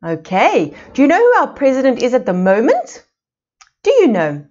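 A woman from South Africa leads a playschool class over a video call. Her voice is high and swoops up and down as she asks slow, sing-song questions. The sound is a little dull and lo-fi. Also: wildly swooping pitch, darkish tone. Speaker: preschool teacher. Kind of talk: online preschool lesson.

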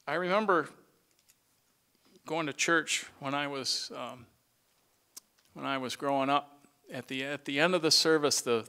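A middle-aged man giving an earnest farewell speech as a retiring director, sometimes halting and restarting. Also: fairly high pitch, bright, forceful tone, smooth.

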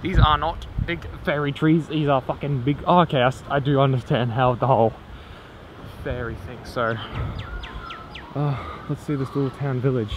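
A man's voice: mid-range voice, steady tone, moderate pace, dull audio. A young man, vlogging casually through city streets and a park, swearing a lot and often laughing. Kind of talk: casual handheld travel vlog. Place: outdoors in busy city streets, station and park. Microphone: camera on a small tripod. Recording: clear street noise behind.

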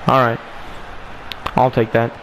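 A young man talking over a football video game, frustrated and swearing, with bursts of yelling. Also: medium pitch, monotone, slow, a little hiss or hum. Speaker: gaming streamer. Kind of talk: casual gameplay commentary.

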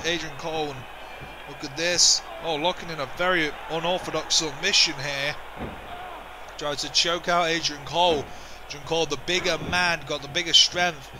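A man doing excitable, indignant play-by-play commentary for a video game wrestling show, often repeating himself. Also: a little high, normal speed, background noise.

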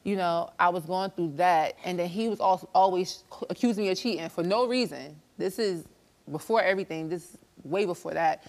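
A woman's voice: lowish voice, a little fast. A woman guest on a talk show, animatedly retelling a relationship fight on a studio stage. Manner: animated storytelling, acting out quarrels.

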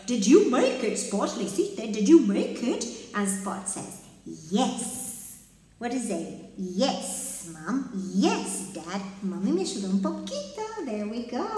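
A young woman leads a children's storytime in a high, lively voice, drawing out every word and turning phrases into little tunes to coax the kids along. The sound bounces around an echoey room with a long, ringing reverb. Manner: sing-song, exaggerated, coaxing children to join in. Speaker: children's English teacher. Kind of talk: bilingual storytime read-aloud for kids.

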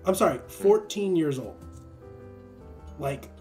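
A man hosting a livestream, chatting casually and laughing often while retelling stories with animated voices. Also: on the high side, slow pace, soft background music. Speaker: livestream host. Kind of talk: casual chat.

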